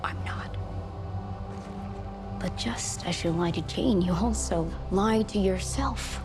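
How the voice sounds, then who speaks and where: An actress playing a calm, cryptic woman who talks down to a protective father, measured and cool, with score music behind her. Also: on the low side. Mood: cold, knowing.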